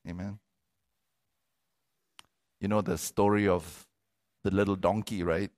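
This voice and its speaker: A middle-aged male pastor preaching a sermon, animated, repeating words and asking for amens. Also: sits low, slow.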